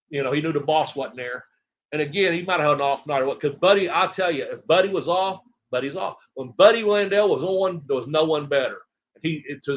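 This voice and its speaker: A middle-aged retired wrestler from Tennessee, USA, tells rambling, animated stories as a guest in a casual interview, acting out other people's lines. His voice is on the high side, and the lo-fi audio sounds dull.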